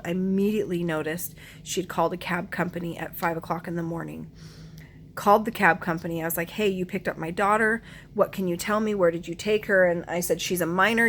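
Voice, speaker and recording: Woman in her forties, lower voice, heartfelt personal account, halting and earnest, clears throat now and then. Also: a bit bright, slight background noise. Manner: earnest and emotional, often pausing to search for words. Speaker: mother telling her family's story. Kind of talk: personal storytelling to camera.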